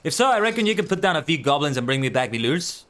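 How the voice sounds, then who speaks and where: A man voicing a weary, broken-down old male fisherman, reading game dialogue in a rough, gruff put-on dialect. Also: on the high side, very animated, fast talker, a bit bright, a little hiss or hum, voice pushed up.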